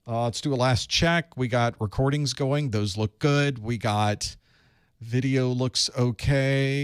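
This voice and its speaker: A man's voice: mid-range voice, slow pace, clear, resonant tone, no echo. A man with a Southern US drawl chats in a folksy way, greeting viewers across the map before class begins. His mid-range voice sits close and dry on the mic, with no room sound around it. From Southern United States. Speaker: IT certification instructor hosting a live study group. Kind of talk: casual livestream pre-show chat.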